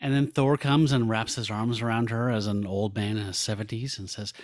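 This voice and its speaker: A man on a podcast retelling a comic book plot casually, with many pauses and fillers. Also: medium pitch, fairly even intonation, dry recording, studio quality. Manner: hesitant, filler-heavy retelling. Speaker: podcast co-host.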